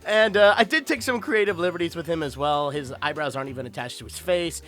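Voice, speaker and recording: A man's voice: on the high side, fast talker, fairly bright tone. A young man and voice actor hosting a casual chatty video in a playful, giggly way. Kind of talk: casual chat.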